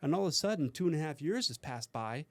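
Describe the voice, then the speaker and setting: A man's voice: on the high side, expressive, fast talker, no echo. A man guesting on a podcast, talking earnestly and coaching with rhetorical questions. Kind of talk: casual podcast chat.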